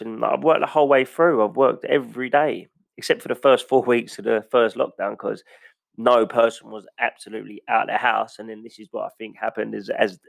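Man, gravelly, blunt passionate rant, dry close sound. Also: lowish voice, no echo. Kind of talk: casual opinion rant.

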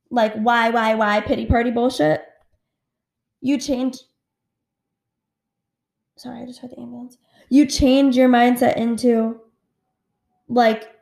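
Late at night at home, a podcast host talks alone and openly, cursing without restraint and leaning heavily on "like." Her voice is fairly high, creaky and a little mellow, with a roomy echo around it.

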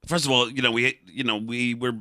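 Guy rambling through a story on a podcast, bright voice, dry close sound. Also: medium pitch, fairly even intonation, fairly quick, no echo. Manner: rambling, blunt and profane, many restarts. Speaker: podcast guest. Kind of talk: casual storytelling.

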